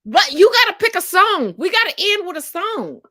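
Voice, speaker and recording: A brash woman in her forties with a high, bright voice that leaps all over the place. She teases and curses through loose live-stream banter. The sound is dry and close. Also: normal speed, no room sound. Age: 40s. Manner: brash, profane and teasing, swoops up loud when excited. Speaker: co-host.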